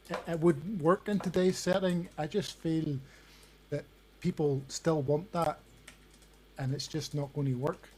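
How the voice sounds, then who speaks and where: A man's voice: fairly high pitch, darkish tone, slight background noise, poor audio. A man giving his view as a guest in a casual gaming podcast, earnest and full of "you know".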